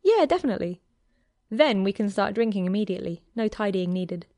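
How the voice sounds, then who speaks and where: A cheeky young neighbor with tattoos, light and teasing in his talk, voiced by a woman reading a story aloud. The lines come with easy mischief at a middling pitch. The room is dry and close. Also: animated, a little fast, mellow, dry recording, close to an everyday voice. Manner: playful, teasing. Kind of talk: audiobook character reading.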